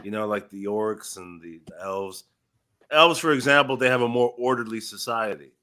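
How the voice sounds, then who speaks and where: A man's voice: on the low side, moderate pace, pushed and bright. A man chatting casually as a podcast guest, opinionated and blunt. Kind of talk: casual chat.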